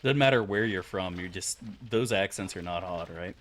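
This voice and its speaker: A man's voice: sits low, moderate pace, fairly bright tone, slight background noise. A man from Florida chatting casually with viewers while streaming a game, rambling, offhand and full of swearing. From Florida, USA. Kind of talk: casual chat while gaming.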